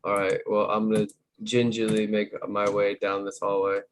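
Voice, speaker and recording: A man's voice: on the low side, monotone, normal speed. Joking man playing a tabletop game. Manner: joking, offhand. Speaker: player. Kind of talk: casual tabletop play.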